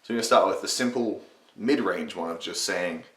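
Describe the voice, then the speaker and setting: A young man talks through a casual tutorial in a low, deep voice. He rambles, swears and restarts his sentences, and the room around him echoes. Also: brisk, fairly bright tone. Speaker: channel host teaching impressions.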